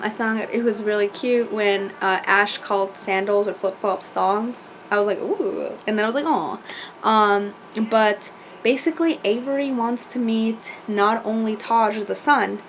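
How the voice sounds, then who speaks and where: A woman chatting casually as she recaps a reality show, animated and full of fillers and quoted asides. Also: mid-range voice, normal speed, a little hiss or hum.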